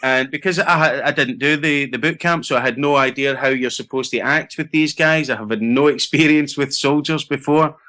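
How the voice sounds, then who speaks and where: A middle-aged Scottish actor telling lively anecdotes in a casual interview, laughing and acting out what others said. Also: male voice, medium pitch, moderate pace, few pauses. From Scotland. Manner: animated anecdotes with laughter and acted-out quotes. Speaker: actor guest.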